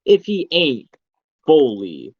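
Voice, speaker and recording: Lively man playing a tabletop game. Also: medium pitch, takes it slowly, no echo, highs cut off. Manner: animated, rambling, slangy. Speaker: player. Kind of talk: casual tabletop game chat.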